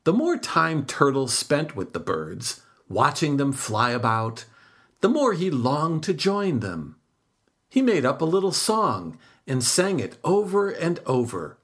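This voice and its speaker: A woman reading a children's folk tale aloud, slow and expressive, her pitch swooping on key words. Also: breathy edge. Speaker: storyteller. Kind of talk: storybook read-aloud.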